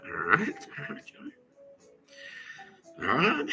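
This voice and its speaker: A man's voice: fairly low pitch, wildly swooping pitch, slow, long pauses, bright, forceful tone, faint music behind. A man hosting a podcast, telling a rambling, profane story and slipping into mocking whispers and put-on voices. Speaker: podcast host. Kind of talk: rambling monologue.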